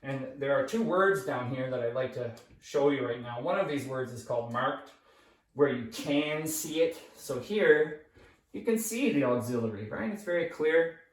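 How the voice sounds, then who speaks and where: A man's voice: mid-range voice, animated, moderate pace. A man teaching an English grammar lesson at a whiteboard, explaining patiently, often checking "right?" and "okay?" and correcting himself as he writes. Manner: restarts and self-corrections while writing. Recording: echoey room, voice from a distance.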